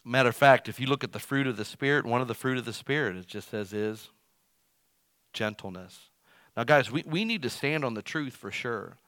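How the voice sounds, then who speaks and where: A male pastor preaching with big swings in volume, punching some lines loudly and dropping others to near a murmur. His voice sits at an ordinary pitch and is recorded dry and close, with no room sound. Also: normal speed, no echo. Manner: animated, swings between loud emphasis and quiet asides; self-described as loud. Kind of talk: sermon.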